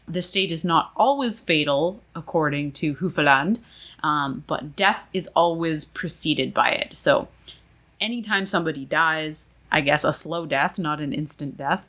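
A woman with a low voice and a forceful, bright edge talks through a story for her podcast. Her delivery is chatty and conversational as she explains things to her co-host. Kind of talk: casual explanatory podcast chat.

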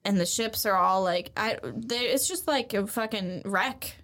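A woman's voice: medium pitch, measured pace, fairly bright tone. Young woman on a podcast rambling through a cartoon plot, swears a ton, does little voices for the characters. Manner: rambling, swears a lot, acts out characters' lines. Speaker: podcast co-host. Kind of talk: casual chat, retelling an anime episode.

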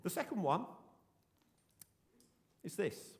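A man delivers an earnest sermon, stressing his points and circling back to the same phrases. His voice sits high for a man. The sound carries a long reverb, as in a church hall. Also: big pitch swings, slow pace, gravelly. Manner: earnest, emphatic preaching with repeated phrases. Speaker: pastor.

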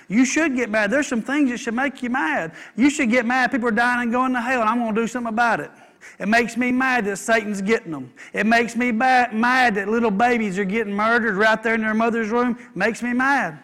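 A man's voice: high voice, a bit bright. A man preaching a sermon, folksy, repeating lines and calling for amens. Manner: folksy, repeats himself, asks the congregation for amens. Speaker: pastor.

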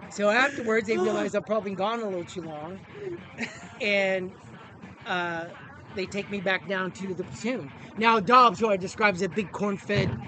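A middle-aged man and former Marine telling a story in a casual podcast chat, animated and profane, acting out the voices of the people in it. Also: sits high, background noise.

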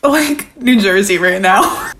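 Podcast cohost lady, animated pitch, jumps in with little reactions. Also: slight background noise. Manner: reacting with quick interjections. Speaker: podcast co-host. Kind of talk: casual chat.

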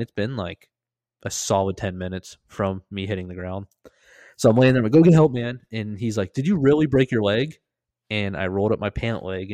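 A man casually telling a story on a podcast, laughing, swearing and acting out loud shouted quotes. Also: dry recording. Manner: animated, acts out quoted voices with loud high shouts.

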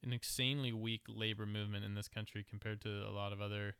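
Sardonic, low-voiced podcast co-host man. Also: flat delivery, fast talker, fairly bright tone, clear, resonant tone, no room sound. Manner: sardonic, joking, profane. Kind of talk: casual political chat.

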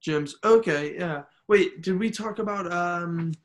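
A man's voice: high-pitched, measured pace, slight background noise. A man co-hosting a casual podcast over a video call, laughing easily and nudging the others to keep going. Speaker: podcast co-host.

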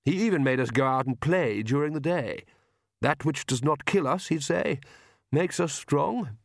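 A man voicing a polite, dandyish young male vampire who speaks smoothly with light mockery, in a read-aloud fantasy story. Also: a little high, lively intonation, moderate pace, dry recording, clean studio sound, voice pushed up. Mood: smooth, amused.

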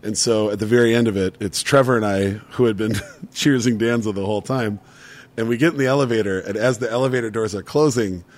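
A man's voice: fairly low pitch, brisk. A man in his thirties telling a story in casual chat, laughing often and swearing freely. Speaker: podcast co-host.

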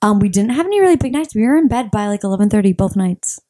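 A young woman, co-hosting a casual podcast and telling stories with lively acted-out quotes. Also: medium pitch, fast, no room sound. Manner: animated storytelling, acts out quotes. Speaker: podcast co-host. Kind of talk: casual chat.

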